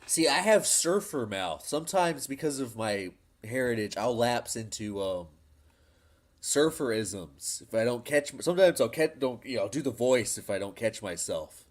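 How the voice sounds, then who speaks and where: A man talking in loose, crude banter with a lively, bouncing voice that rises and falls freely. He laughs often and swears a lot. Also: mid-range voice, moderate pace. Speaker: podcast co-host.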